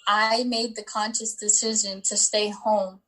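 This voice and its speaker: A woman's voice: medium pitch, level tone, measured pace, fairly bright tone, low-quality recording. A woman in her twenties, a guest in an interview, telling her story in a chatty way with lots of likes and ums. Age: 20s.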